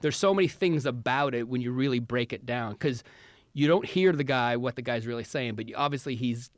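A man's voice: mid-range voice, a little fast, no room sound. A man co-hosting a comedy podcast, telling a long backstage story and acting out the quotes. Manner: animated storyteller, acts out quotes. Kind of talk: casual storytelling chat.

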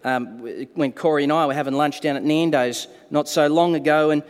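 A man's voice: on the high side, a little fast, big-room sound. A man preaching a sermon as a pastor, telling stories animatedly and acting out the quotes. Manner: animated storytelling with acted-out quotes.

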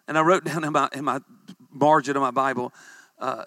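A man, a pastor, preaching a humorous sermon with animated storytelling and calls for amens. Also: medium pitch, moderate pace, no echo.

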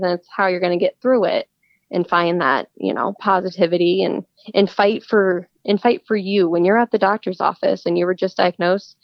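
A woman's voice: medium pitch, dry recording. A woman talks earnestly in a casual interview, often restarting and repeating words as she goes. The recording is dull and lo-fi, with no room sound at all. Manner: earnest, repeats words when starting sentences. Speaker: guest, cancer patient. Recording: dull lo-fi dry audio.

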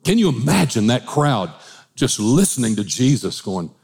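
Guy preaching, animated, jokey asides, changes speed a lot. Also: medium pitch, moderate pace, breathy edge. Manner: animated, shifting pace for emphasis, with asides and humor. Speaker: pastor. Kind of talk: sermon.

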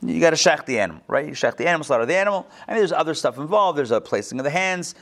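A man's voice: on the high side, animated, very fast. A man casually teaching a study class, asking the group questions and making joking asides.

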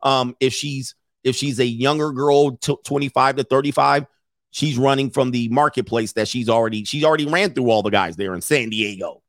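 A brash man talks straight at his viewers, handing out dating advice with plenty of swearing and jokes. His voice sits at an ordinary middle pitch. The recording is dry and close, with no room sound. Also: normal speed, a bit bright, no echo. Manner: brash, profane, joking delivery with mocking quoted voices. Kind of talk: casual monologue to viewers.

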